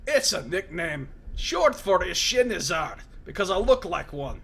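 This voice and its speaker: Gruff growling cyborg scavenger, pitched up and loud, as a male streamer voices him for a game. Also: very animated, unhurried, heavily acted.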